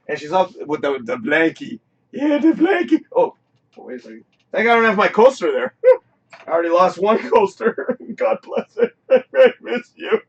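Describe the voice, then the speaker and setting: A man hosting a casual live-streamed talk show, rambling, excitable and swearing freely in a home studio. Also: high-pitched.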